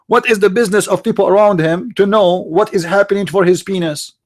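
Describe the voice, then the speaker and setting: Sarcastic man with a high voice. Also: fairly even intonation, fairly quick. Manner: sarcastic, mocking, jeering. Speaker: online commentator. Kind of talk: mocking rant.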